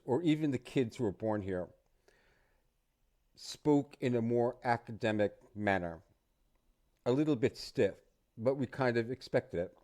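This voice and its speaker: A middle-aged man from the United States, an English teacher talking through a casual lesson in a relaxed, chatty way with asides. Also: mid-range voice.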